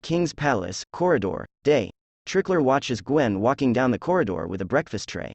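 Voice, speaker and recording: A man reading a drama transcript aloud, announcing character names and stage directions in a flat manner. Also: mid-range voice, normal speed, vocal fry, dry recording. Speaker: script reader.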